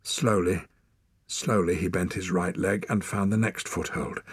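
A man narrating an audiobook in an expressive storytelling manner. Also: low voice, a little slow, slightly rough, dry recording.

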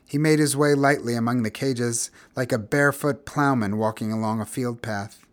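Measured male audiobook narrator. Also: mid-range voice. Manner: measured, expressive, grows quiet and somber. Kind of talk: scripted literary narration.

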